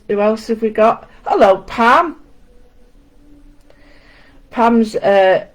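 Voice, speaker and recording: A woman's voice: fairly high pitch, expressive, very slow, poor audio. Chatty woman teaching art. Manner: chatty, greets viewers by name, self-deprecating asides. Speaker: art session host. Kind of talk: casual live-stream art lesson. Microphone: home setup with camera.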